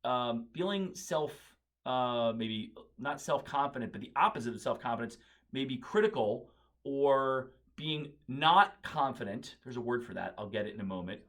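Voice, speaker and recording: A man's voice: mid-range voice, lively intonation, moderate pace, fairly bright tone. A man hosting a daily positive quote video, speaking casually and thinking aloud, often searching for words and correcting himself. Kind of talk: casual spoken monologue.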